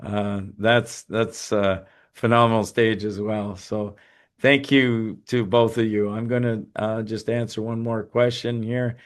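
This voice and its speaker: Tired male webinar host on a video call, halting delivery full of fillers and restarts. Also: fairly low pitch, flat delivery. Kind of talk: webinar talk and Q&A.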